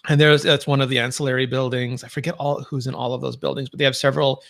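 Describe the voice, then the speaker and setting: Gravelly Canadian man chatting tech. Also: medium pitch, little pitch movement, fast, a bit bright. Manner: chatty, enthusiastic describing details. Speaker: podcast co-host. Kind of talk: casual tech podcast chat.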